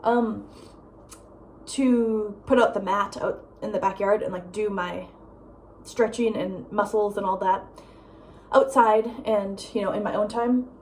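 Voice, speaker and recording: A young woman vlogging at home in a casual, rambling chat, full of "like" and "um" and quick laughs. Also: medium pitch, a little hiss or hum. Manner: rambling, lots of "like" and "um", laughs often; breezy, drifts between loud and soft. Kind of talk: casual chatty vlog monologue.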